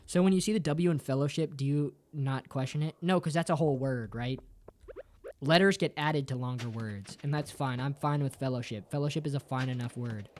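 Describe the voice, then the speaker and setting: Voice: fairly quick, a little mellow, slight background noise. A streamer chatting casually with viewers in a playful, jokey way, swearing a lot and ending sentences with "bro". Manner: playful and jokey, with big jumps up and down in pitch. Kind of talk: casual livestream chat with viewers.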